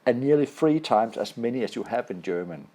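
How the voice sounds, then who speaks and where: A man from Denmark with a Danish accent, a native Danish speaker, explaining a language lesson over slides and pausing often to find his words. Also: mid-range voice, animated, mellow. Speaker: language teacher.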